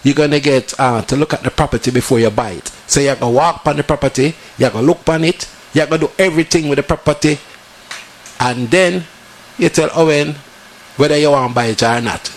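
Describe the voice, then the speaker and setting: Gravelly Jamaican radio host. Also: male voice, a little high, brisk. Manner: animated, repetitive sales patter. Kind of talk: ad reads in patois.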